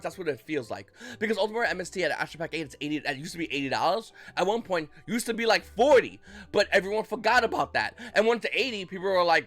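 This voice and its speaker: A man's voice: on the high side, fairly bright tone. A man hosting a casual trading card market commentary, talking loosely and acting out buyers' reactions in mock voices. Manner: loose, rambling delivery with restarts.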